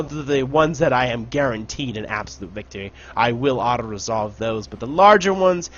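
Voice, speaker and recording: A man giving casual let's play commentary on a strategy game, shouting orders and taunting enemies now and then. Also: mid-range voice, muffled recording. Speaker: gameplay commentator.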